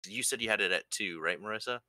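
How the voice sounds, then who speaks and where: A man's voice: on the low side, quick pace, sharp tone, no room sound, clean studio sound. A man playing in a tabletop game, chatting casually, joking and organizing the other players.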